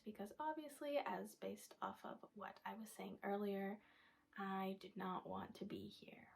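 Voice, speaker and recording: Young woman with vocal fry, rambling casually. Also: mid-range voice, steady tone, a little slow. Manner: casual, rambling, many "like" fillers, drops to a hush at times. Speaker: vlogger. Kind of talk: personal storytelling to camera.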